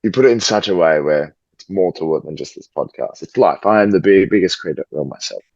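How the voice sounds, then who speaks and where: Very deep husky-voiced podcaster. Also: male voice, expressive, fairly quick, darkish tone, no room sound. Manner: cheeky, mock-pompous, swears freely. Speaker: podcast co-host. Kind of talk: casual sports podcast banter. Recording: dull lo-fi home mic.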